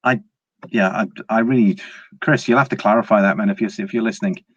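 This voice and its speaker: This live-stream host is a British man with a fairly low, husky, slightly bright voice, brisk and fairly even in intonation. He rambles casually through viewer comments and his own opinions, often saying "uh" and restarting. The lo-fi audio is dry and a little dull, with no room sound.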